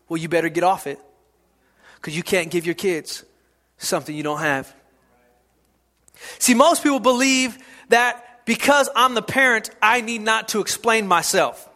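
High, bright-voiced man preaching. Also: lively intonation, unhurried, pauses often. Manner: preaching with repetition and sudden shouts. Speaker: pastor. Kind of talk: sermon.

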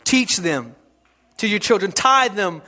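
High, bright-voiced man preaching. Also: very animated, unhurried. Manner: preaching with repetition and sudden shouts. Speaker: pastor. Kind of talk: sermon.

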